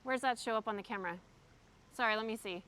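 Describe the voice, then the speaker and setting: A slightly high, smooth voice with a sharp tone speaks fast as this young woman streams yoga outdoors by a pond on a windy day. She talks casually through her phone camera and reads chat messages aloud.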